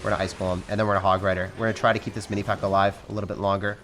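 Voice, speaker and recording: A young man giving fast, excitable live commentary over his own gameplay, calling out to viewers as guys. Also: lowish voice. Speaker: game commentator.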